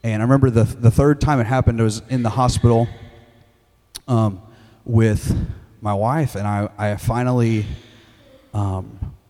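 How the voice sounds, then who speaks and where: A man in his thirties preaching a sermon as a pastor, candid and halting, with frequent restarts and fillers. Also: medium pitch, steady tone, mellow. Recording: long hall reverb.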